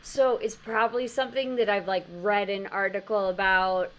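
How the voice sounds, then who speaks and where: Speaking at a moderate pace in a mid-range voice, a woman shares stories on a podcast she co-hosts, keeping it casual, animated and full of laughter.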